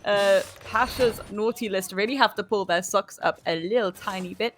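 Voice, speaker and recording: A woman's voice: medium pitch, moderate pace, slight background noise. A woman casting a tactical shooter match, giving play-by-play with giggly, playful banter. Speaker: esports caster. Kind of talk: play-by-play game commentary. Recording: loud game gunfire behind the voice. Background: game gunfire and clicks.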